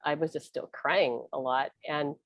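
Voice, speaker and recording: A woman's voice: sits low, steady tone, unhurried, dry recording. A middle-aged woman hosting a casual spiritual chat, talking earnestly and rambling with restarts. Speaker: host.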